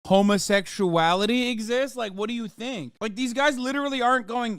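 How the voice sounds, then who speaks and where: A man's voice: extremely high pitch, a little fast, hardly any pauses, fairly bright tone, clear, resonant tone, dry recording, studio quality. A man streaming his reactions to clips in a casual rant, sarcastic and profane, with mocking asides.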